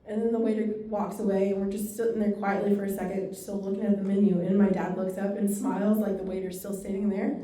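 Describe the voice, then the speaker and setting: A woman training an audience on dementia care, speaking fast and animated with a dark, mellow tone. Her voice is heard from a distance in a very echoey room. She tells stories with quick asides. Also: mid-range voice. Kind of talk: training talk to a live audience.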